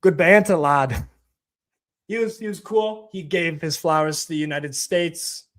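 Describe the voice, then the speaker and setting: A man's voice: fairly high pitch, measured pace, a bit bright. A man hosting a live watch-along stream, giving casual commentary in a profane, ranting, mocking way.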